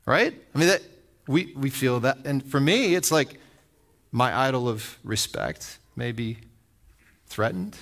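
Animated, bright-voiced male preacher. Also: medium pitch, measured pace, vocal fry. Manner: animated storytelling that acts out voices; conversational, asks the audience questions. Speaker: pastor. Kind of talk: sermon.

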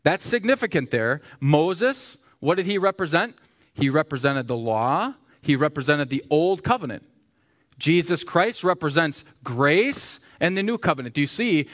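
A man preaching a sermon to a congregation, speaking conversationally, asking questions and slowing down to stress key words. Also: on the high side, lively intonation, fairly bright tone. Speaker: pastor.

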